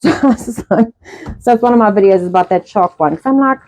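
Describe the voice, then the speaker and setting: Fast-talking, swearing middle-aged woman host. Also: mid-range voice, a little mellow. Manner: fast, rambling talk with heavy swearing. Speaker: host of a live stream. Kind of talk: casual live-stream chat. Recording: dull lo-fi live-stream audio.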